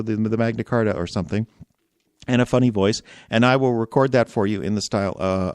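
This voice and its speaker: A man hosting a podcast, chatting in a relaxed, self-deprecating way. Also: fairly low pitch, clean tone, dry recording, clean studio sound. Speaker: podcast host. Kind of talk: casual podcast talk.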